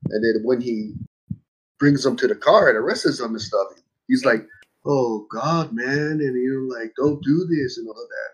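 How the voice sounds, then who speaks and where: Slow, husky goofy player. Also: male voice, mid-range voice, low-quality recording. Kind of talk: casual game chat.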